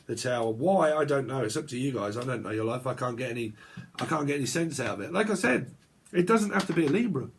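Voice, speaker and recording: A man's voice: mid-range voice, expressive, quick pace, slight background noise. A man giving a casual tarot reading, ranting and swearing as he acts out both sides of an argument. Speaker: tarot reader.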